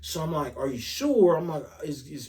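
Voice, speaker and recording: A man casually telling an animated, profane story on a podcast, acting out the dialogue as he goes. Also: on the high side, moderate pace. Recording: voice a bit far from the mic.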